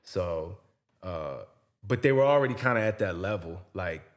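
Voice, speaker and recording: A man's voice: low-pitched, expressive, normal speed. A man co-hosting a podcast, telling loose, rambling stories in a casual chat. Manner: rambling storyteller with restarts and laughs. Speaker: podcast co-host and hip-hop artist.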